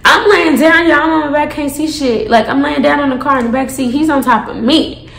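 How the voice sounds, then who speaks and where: A young woman in her twenties tells a story to her viewers in a lively, dramatic style, swearing freely. Her voice is high and bright. The room gives it a noticeable echo. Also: a little fast, gravelly, noisy background. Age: 20s. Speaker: storytime vlogger. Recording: echoey room.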